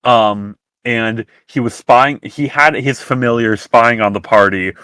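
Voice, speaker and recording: A man's voice: mid-range voice, pushed and bright, clear, resonant tone, no room sound. Rambling man hosting a podcast. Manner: rambling, halting restarts. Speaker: podcast host. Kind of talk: casual podcast chat.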